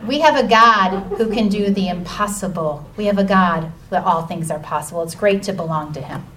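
A woman teaching a lively Bible lesson to children, chatty and enthusiastic, reading scripture aloud. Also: mid-range voice, normal speed. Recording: distant mic with faint noise.

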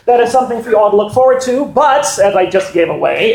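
A man's voice: sits high, expressive, fast talker, vocal fry, a little mellow, roomy sound, low-quality recording. A man in his thirties preaching a sermon to his congregation, playful and full of joking asides. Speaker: pastor. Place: church hall.

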